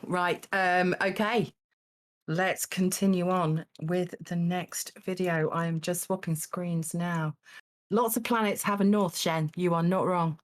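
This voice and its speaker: A woman's voice: lowish voice, fairly even intonation, unhurried. A woman hosting a charity game stream, chatting loosely and giggling, tripping over her words. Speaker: taskmaster host of a charity stream. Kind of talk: casual live-stream banter.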